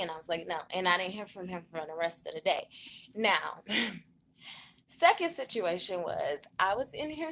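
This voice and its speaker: A woman vlogging casually from a hospital room, telling a story in an animated, conversational way. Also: lowish voice, slight background noise, rough recording. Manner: animated, conversational, many fillers.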